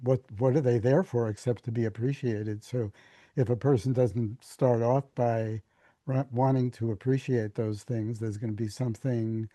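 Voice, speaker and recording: An older man with a dark, mellow voice answers thoughtfully as a spiritual teacher. He speaks slowly and haltingly, repeating words as he searches, with a touch of dry humor. The sound is close and completely dry. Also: medium pitch, fairly even intonation, no echo. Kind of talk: reflective conversational answers.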